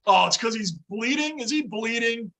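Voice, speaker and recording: A man hosting a livestream from his home basement, reacting to a hockey game and greeting viewers in chat, often yelling at the play. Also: very high voice, normal speed. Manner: excitable, yells at the game. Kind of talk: live game reaction with chat shout-outs.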